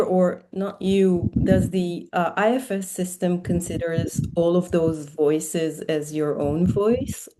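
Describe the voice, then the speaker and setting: A woman on a video call asking a question, halting and restarting her sentences. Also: fairly low pitch, mellow, rough recording. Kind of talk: casual discussion on a video call.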